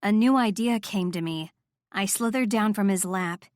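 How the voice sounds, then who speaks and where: A woman reading a first-person romance audiobook in a soft, intimate, measured voice. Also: medium pitch, no room sound, clean studio sound. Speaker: audiobook narrator.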